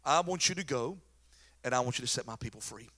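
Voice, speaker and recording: A man's voice: mid-range voice, animated, fast, bright, forceful tone. A middle-aged man, a pastor preaching a sermon in a folksy, joking, storytelling way.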